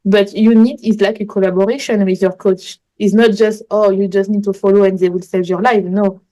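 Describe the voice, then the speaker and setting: A woman's voice: mid-range voice, level tone, fairly quick, dark tone, poor audio. A woman, a coach talking as a guest in a casual interview, telling earnest, rambling stories in English. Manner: earnest, rambling storytelling in non-native English. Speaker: manifestation coach, podcast guest.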